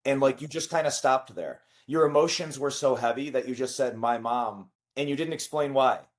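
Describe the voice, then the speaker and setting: A male host leads a casual interview with lots of enthusiasm. He talks a lot and often repeats words for emphasis, and his pitch sits in a middle range. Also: normal speed. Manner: enthusiastic, talkative, animated. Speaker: podcast host.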